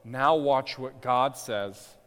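A man preaches an expository sermon at a middling pitch, slowing to drive points home and rising loud on the cries he quotes. His voice rings with a long reverb, as in a church sanctuary. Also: clear, resonant tone. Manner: dynamic preaching, slows for emphasis, swells loud on quoted cries. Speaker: pastor.

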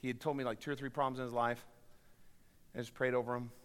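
A man preaching a sermon as pastor of his church, swinging from loud, driving appeals to quiet, hushed storytelling. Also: mid-range voice, level tone, fast talker, clear, resonant tone. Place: church sanctuary. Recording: reverberant church hall.

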